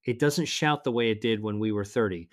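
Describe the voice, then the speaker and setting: An older man narrating a health advice video in an earnest, measured way, slowing down to stress single words. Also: on the low side. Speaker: health presenter. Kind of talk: scripted narration.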